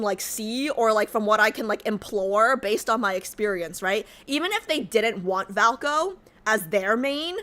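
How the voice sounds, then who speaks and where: A woman streams and talks casually with her chat in a fairly high, bright voice. She rambles with constant "like"s. Her pitch swings widely when she flares into a rant. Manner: rambling, heavy use of "like", flares into loud rants.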